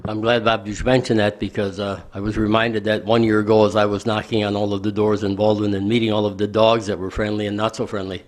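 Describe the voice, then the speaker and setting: A man speaking as a county supervisor at a board meeting, conversational and anecdotal. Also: lowish voice. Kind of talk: public meeting remarks.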